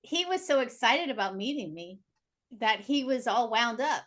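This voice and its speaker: A woman guest in a casual interview, telling stories in a lively way and acting out the dialogue. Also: a little high, normal speed. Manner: animated, acts out dialogue in her stories. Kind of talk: casual conversational storytelling.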